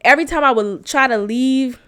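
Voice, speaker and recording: A young adult woman hosting a podcast, telling a frank personal story in a profane, animated way and laughing often. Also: high-pitched, moderate pace, smooth. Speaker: podcast host. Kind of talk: candid storytelling monologue.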